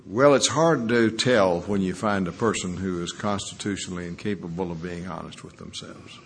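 A man's voice: sits low, moderate pace, slight background noise. An older man, a lawyer, telling folksy stories about his recovery at a meeting. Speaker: recovering alcoholic sharing at a meeting. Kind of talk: folksy anecdotal storytelling.

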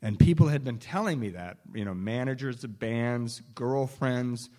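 A man's voice: mid-range voice, moderate pace, mellow. Candid man telling his recovery story. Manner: candid, self-deprecating, wry; frequent restarts and chuckles. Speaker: speaker sharing a recovery story. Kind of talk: personal storytelling talk.

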